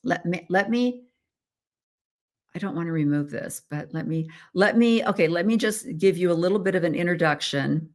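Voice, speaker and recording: A middle-aged American woman talks to her viewers in a loose, rambling way, often pausing on "um" and slipping in small laughs. Her voice sits a little on the low side. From United States. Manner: chatty, rambling, frequent ums and laughs. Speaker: host. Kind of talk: casual monologue.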